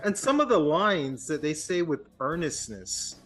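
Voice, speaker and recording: A man's voice: fairly high pitch, very animated, a little slow, fairly bright tone. A man talking casually and animatedly about a film, swearing and mocking its scenes, with faint music underneath. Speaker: podcast co-host.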